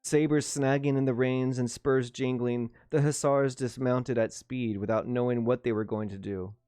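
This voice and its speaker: Male livestream reader, mid pitch, dry close sound, plain narration with chatty asides. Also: fairly even intonation, normal speed, warm tone, clean tone, no room sound, faint music behind. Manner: casual asides to chat, small restarts. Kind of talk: reading a novel aloud with chat asides.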